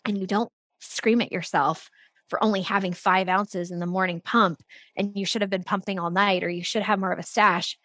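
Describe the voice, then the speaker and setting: Earnest, animated woman telling her story. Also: mid-range voice, normal speed, dry recording. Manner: earnest and animated, frequent "like" fillers. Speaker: podcast guest. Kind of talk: candid conversational storytelling.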